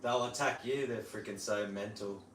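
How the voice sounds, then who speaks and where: Very noisy audio carries a lowish, steady-toned Australian man speaking at normal speed as he hosts a livestream. He's relaxed and slangy and imitates bird calls, recorded with a distant mic, roomy sound, and faint ambience.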